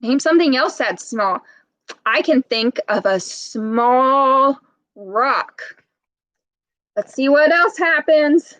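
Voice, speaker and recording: A woman's voice: sits high, lively intonation, slow, long pauses, a bit bright, no echo. A woman, a speech therapist, reads a picture book to young children and keeps asking them questions. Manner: patient, questioning, teacher-like. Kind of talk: interactive read-aloud lesson.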